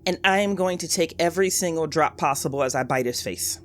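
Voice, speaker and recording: A woman player in a tabletop horror game. She describes her character's actions with intensity and vivid detail. Her voice sits on the low side for a woman. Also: a little fast.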